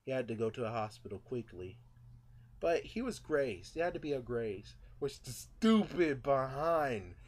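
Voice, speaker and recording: In a casual movie reaction vlog, a man shares loose, rambling thoughts stuffed with fillers and asides, growing louder when he retells scenes. His mid-range voice is animated and moves at a moderate pace.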